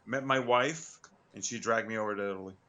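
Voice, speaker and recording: A man chatting as a guest on a video call, halting and repeating his words. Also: fairly low pitch, pushed and bright. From New York. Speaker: livestream guest. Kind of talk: casual video call chat.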